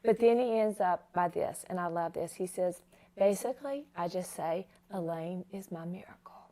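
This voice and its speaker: Moved to tears, a Christian talk show host honors the guest she's interviewing. She speaks at a normal speed in a fairly low, warm voice, and her manner is emotional.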